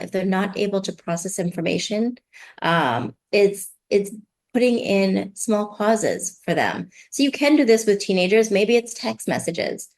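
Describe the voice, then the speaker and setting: A woman parenting coach explaining advice in conversation, lively, often acting out what parents and kids say. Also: medium pitch. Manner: animated, acts out parent and child voices.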